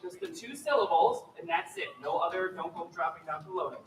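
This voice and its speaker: High, lively man coaching a choir. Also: normal speed, few pauses. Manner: upbeat, encouraging, demonstrates vocal sounds. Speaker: choir clinician. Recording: echoey hall, distant mic, loud ambient noise.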